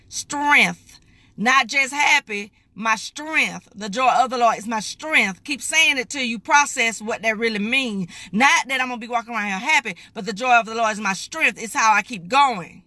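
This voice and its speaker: A raspy middle-aged woman preaches to her live viewers in a folksy, emphatic way. Her voice sits fairly high and has a sharp, forceful edge. It is recorded close and dry, with no room sound. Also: normal speed, no room sound. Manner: emphatic, folksy preaching, calls listeners baby. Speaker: lay preacher streaming live. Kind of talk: live-streamed morning devotional.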